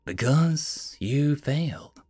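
A man's voice: on the high side, animated, a little mellow, husky, no echo, exaggerated voice. A man doing a smug teasing machine envoy. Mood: cold. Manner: smug, teasing, slow and deliberate. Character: mocking shapeshifting female machine envoy, cold and playful.

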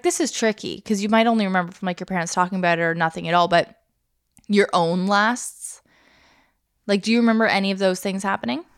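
A woman's voice: mid-range voice, no room sound, clean studio sound. A woman in her thirties co-hosting a podcast, telling stories in a casual, chatty way and laughing easily. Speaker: podcast co-host. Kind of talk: casual chat.

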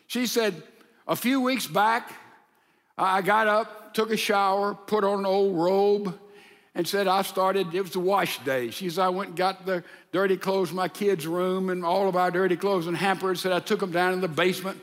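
A man preaching a sermon, telling a humorous story and acting out the quoted letters in an animated way. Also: sits high, normal speed, big-room sound.

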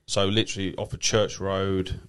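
Deep cabbie, rambling sweary chat, low voice. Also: male voice, flat delivery, moderate pace, fairly bright tone, clean tone. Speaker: cab driver, podcast guest. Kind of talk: casual chat.

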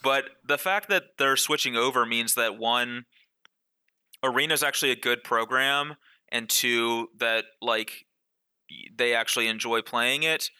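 A man's voice: mid-range voice, unhurried, bright, forceful tone, smooth. A man on a gaming panel chatting casually, with lots of "like" and repeated words. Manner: loose, repeats words, many likes. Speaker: professional card player, panelist.

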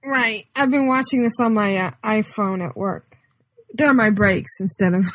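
A woman's voice: medium pitch, measured pace, slight background noise, rough recording. A woman co-hosting a gaming podcast, chatty and laughing often. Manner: giggly, chatty. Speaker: podcast co-host. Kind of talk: casual podcast chat.

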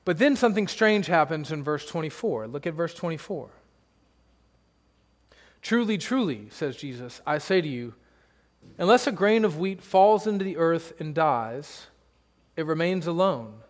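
A man's voice: a little high, animated, a little slow, long reverb tail. A man pastor preaching a sermon, conversational and emphatic, with rhetorical questions to the congregation.

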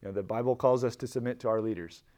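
At a very fast pace and in a mid-range voice, a man teaches a church Bible study. He keeps it animated and conversational, often starting phrases over and dramatizing quotations with mounting emphasis.

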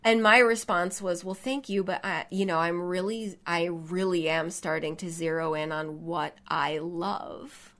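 A woman's voice: fairly low pitch, steady tone, measured pace, hardly any pauses, a bit bright. A woman co-hosting a podcast, talking in a reflective, thoughtful way. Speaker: podcast co-host and artist. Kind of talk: casual podcast chat.

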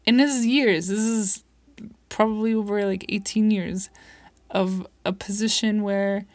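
A woman's voice: mid-range voice, measured pace, dry recording. A young woman chatting casually as a podcast co-host, telling a story and acting out the people in it. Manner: animated, acts out quoted voices.

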